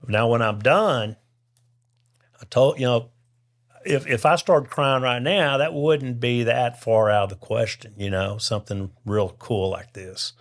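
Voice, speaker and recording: A man's voice: mid-range voice, measured pace. A man, a podcast guest telling a personal faith testimony and acting out the people he quotes. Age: 60s. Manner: lively storyteller who acts out the people he quotes.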